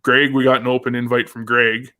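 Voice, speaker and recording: A man's voice: medium pitch, little pitch movement, brisk, pushed and bright. A man hosting a casual live fishing show, upbeat and chatty, reading out viewer comments. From Canada. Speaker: host.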